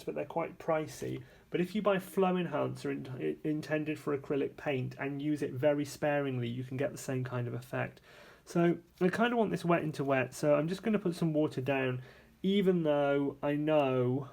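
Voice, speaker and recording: A man giving a casual, hands-on painting tutorial, chatty and relaxed, thinking aloud and correcting himself as he works at a painting table. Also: fairly high pitch, creaky. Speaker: art supplies reviewer demonstrating paints.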